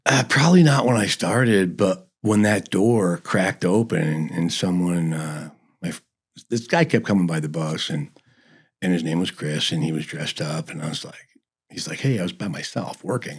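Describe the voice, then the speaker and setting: Speaking at an ordinary pace, this low-voiced man has a breathy quality. He's a middle-aged barbecue restaurant owner appearing as an interview guest, telling loose, homespun stories and saying "you know" a lot.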